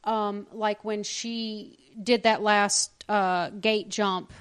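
A woman's voice: medium pitch, steady tone, extremely slow, smooth. A woman co-hosting a casual chat about a TV show, adding her own thoughtful takes. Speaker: podcast co-host.

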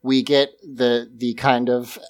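A man's voice: medium pitch, flat delivery, slow. A man casually recapping a TV episode on a podcast, rambling and laughing often as he talks. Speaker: podcast co-host.

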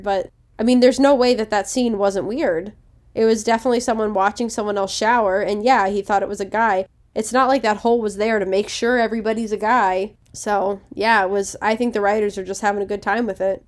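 A woman's voice: mid-range voice, fairly quick. A young woman co-hosting a podcast, giving frank, confident opinions in casual chat. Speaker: podcast co-host.

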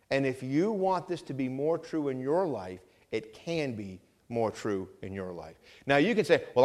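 Pastor preaching in a reverberant church. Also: male voice, medium pitch. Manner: builds from quiet to loud and emphatic; reads scripture aloud. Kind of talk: sermon. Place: church sanctuary.

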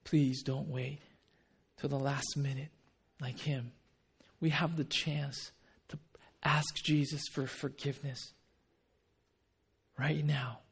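A man preaching a sermon. He drops to hushed tones and acts out quoted pleas. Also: mid-range voice, little pitch movement, slow, gravelly, long pauses, husky. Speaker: pastor.

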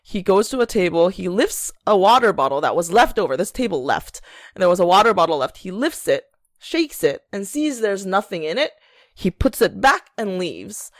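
A woman's voice: mid-range voice, moderate pace, no room sound, studio quality. Young woman telling a workplace story. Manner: animated storyteller, acts out quotes, laughs often. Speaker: podcast co-host. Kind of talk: casual chat, storytelling.

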